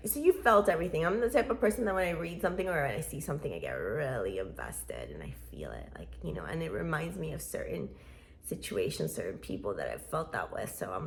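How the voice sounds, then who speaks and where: Low-voiced, creaky, animated woman vlogger. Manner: chatty, playful, laughs often. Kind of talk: casual rambling vlog chat.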